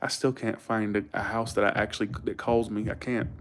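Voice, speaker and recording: Southern guy with a georgia accent, blunt, talks quick, casual stream chat. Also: on the low side, little pitch movement, a little hiss or hum. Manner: blunt, fast-talking, swears freely. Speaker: livestream host.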